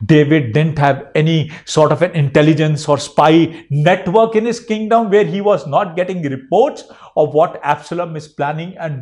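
A man with a high-pitched voice preaches to his congregation. He repeats words and phrases for emphasis. He moves between soft, low-voiced stretches and loud, ringing climaxes. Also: normal speed. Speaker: pastor. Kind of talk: sermon.

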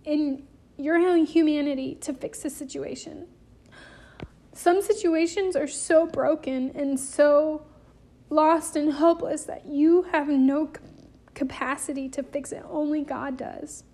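Brief: woman, high voice, devotional podcast host, earnest and emotional, repeats phrases like a preacher. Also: steady tone, a little slow, dark tone. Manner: emotional, close to tears.

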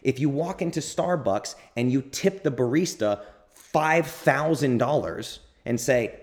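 A man delivers a solo coaching monologue in a blunt, emphatic way, with a bit of swearing. His pitch rises and falls a lot, and he hammers points by saying them again. He sounds like a podcast host pushing his listeners. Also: lively intonation, normal speed.

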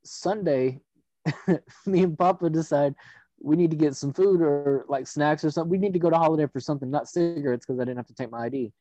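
A man's voice: a little high, brisk. A man telling a long story in casual chat, rambling and profane, acting out the people he quotes. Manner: rambling, profane, animated retelling with quoted voices. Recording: dull dry audio.

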